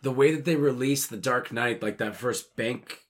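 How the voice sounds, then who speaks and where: A man's voice: medium pitch, normal speed. Rambling man talking about films. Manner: rambling, animated, swears casually. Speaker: podcast co-host. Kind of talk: casual film chat.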